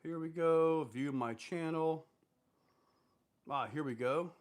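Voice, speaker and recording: A man with a slightly high voice speaks slowly as he hosts an informal live stream. Reading viewer questions aloud, he answers in a rambling, loose style packed with fillers.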